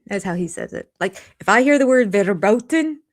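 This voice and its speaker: A woman's voice: mid-range voice, animated, normal speed. Older woman, live show host, chatty, rambling, wanders off topic, talking from home. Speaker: channel host. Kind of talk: live chat reviewing a reality show. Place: home room.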